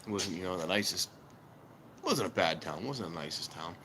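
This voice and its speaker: A man's voice: low-pitched, lively intonation, moderate pace, sharp tone. A man casually telling rambling stories at a train station at night, chuckling often, filming himself on a handheld camera. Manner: chatty, chuckles often between remarks. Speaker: vlogger. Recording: noisy outdoor ambience. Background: outdoor ambience.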